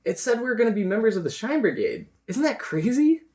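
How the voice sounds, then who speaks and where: A woman's voice: on the high side, big pitch swings, fast, darkish tone. A woman player speaking in character in a tabletop game, earnest and hesitant.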